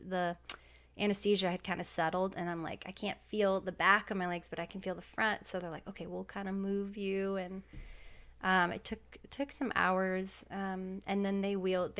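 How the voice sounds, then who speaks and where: Heartfelt woman, lowish voice. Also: fairly bright tone. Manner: heartfelt, emotional, many fillers like "like" and "um". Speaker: podcast guest. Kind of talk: personal storytelling in conversation.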